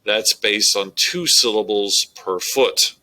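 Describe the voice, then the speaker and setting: A man, teaching a recorded lesson on poetic meter in a slow, deliberate way with frequent fillers. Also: fairly low pitch, pushed and bright, poor audio.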